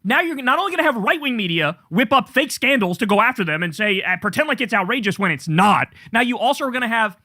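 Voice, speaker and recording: A man's voice: extremely high pitch, sing-song, fast, hardly any pauses, bright, forceful tone, no room sound, clean studio sound. A man hosting political commentary, reading quoted posts aloud and reacting with angry, profane, sarcastic ranting.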